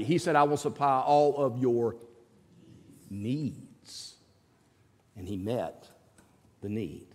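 A man preaching a sermon in a folksy manner, dropping his voice low and soft on key words and rising high when he quotes others. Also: slow, pauses often, long reverb tail. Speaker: pastor.

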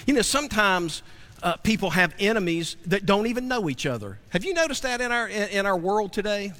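A man's voice: high voice, very animated, fairly quick, bright, forceful tone, long reverb tail. A man preaching as a pastor, praying and then teaching with repeated phrases and rhetorical questions to the congregation. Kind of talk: sermon with opening prayer. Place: church sanctuary.

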